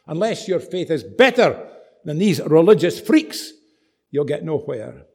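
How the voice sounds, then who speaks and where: Man playing an authoritative teacher, slow, grave, firm, measured. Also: on the high side, sing-song, darkish tone, husky, heavily acted. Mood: stern. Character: calm, authoritative male teacher.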